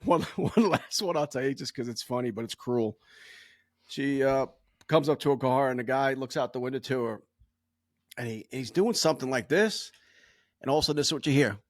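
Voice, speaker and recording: A man's voice: mid-range voice, fairly quick, no room sound, studio quality. Joking man telling casual podcast stories. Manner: joking, crude banter. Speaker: podcast co-host, former police officer. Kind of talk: casual storytelling chat.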